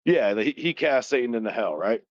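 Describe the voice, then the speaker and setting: A man in his thirties, animated and fairly quick, uses a mid-range voice to loosely retell a story as a podcast co-host. He swears constantly and laughs a lot. There's no echo, and the sound is dull, dry and lo-fi.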